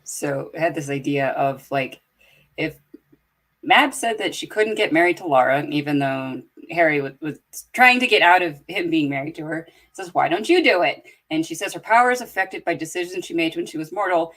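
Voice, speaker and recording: A woman's voice: low voice, animated, normal speed, fairly bright tone. A woman on a casual fan podcast, posing playful speculative questions. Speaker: podcast co-host.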